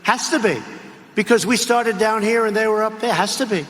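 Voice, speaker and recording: A man's voice: high voice, normal speed, a bit bright. An older man giving a political rally speech in a large arena, rambling and repetitive, with mocking asides. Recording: echoey arena rally clip with faint noise.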